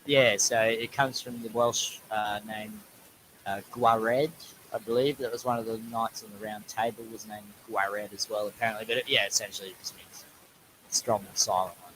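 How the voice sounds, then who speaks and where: A man's voice: lowish voice, normal speed, slight background noise, low-quality recording. Chatty Australian man on a video call. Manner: lively, joking, says mate a lot. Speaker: guest viewer. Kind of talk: casual live-stream chat.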